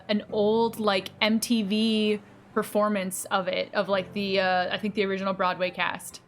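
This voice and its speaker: A woman's voice: mid-range voice, a bit bright. A woman streamer chatting casually and bubbly with her viewers, laughing often and teasing herself. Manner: bubbly, giggly, self-teasing, reacting to chat. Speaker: game streamer.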